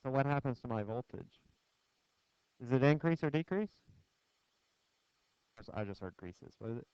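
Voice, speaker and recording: A man's voice: medium pitch, animated, normal speed, clean tone, no echo. A man giving a physics lecture, putting questions to the class in a conversational, joking way. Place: lecture hall. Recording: dull lo-fi classroom screencast audio, dry.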